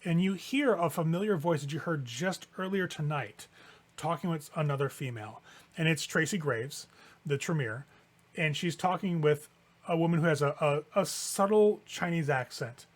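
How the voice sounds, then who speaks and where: A man's voice: a little high, normal speed. A man narrating as game master in a tabletop game, setting scenes casually with lots of fillers.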